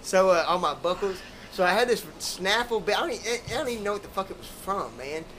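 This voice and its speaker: A man's voice: sits high, lively intonation, fairly quick, a bit bright, slight background noise. A man, hosting a podcast and telling rambling, profane stories in casual chat. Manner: profane, rambling, laid-back drawl.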